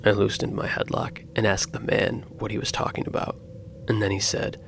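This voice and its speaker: A man narrating true horror stories in a slow, grave scripted style. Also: on the low side, monotone, gravelly, fairly bright tone, a little hiss or hum.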